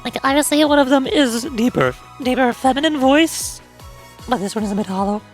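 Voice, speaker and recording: A woman streamer in casual chat who stammers and exclaims in an animated way. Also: sits high, fairly quick, soft background music.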